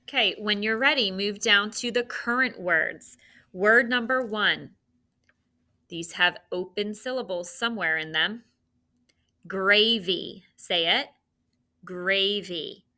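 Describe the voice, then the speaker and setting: A woman teacher dictating spelling sounds and words to students, with slow, clearly enunciated delivery. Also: mid-range voice, sharp tone.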